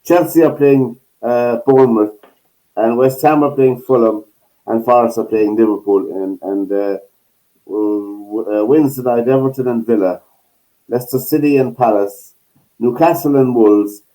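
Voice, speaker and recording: A man's voice: mid-range voice, moderate pace, dark tone, rough recording. A man hosting a sports chat show, running through fixtures and agreeing often with his panel. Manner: runs through fixtures, lots of agreeing yeahs. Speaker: host.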